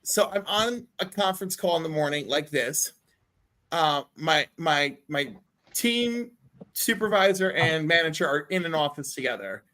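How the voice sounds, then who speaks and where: Animated storyteller on a video call. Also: medium pitch, a little slow. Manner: animated storyteller, acts out quotes. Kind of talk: casual storytelling chat.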